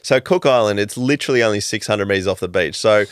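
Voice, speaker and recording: A man, telling stories as a podcast guest in a lively, casual way, swearing freely and calling people "mate". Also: on the low side, fast, clear, resonant tone, no echo, clean studio sound. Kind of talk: casual storytelling chat.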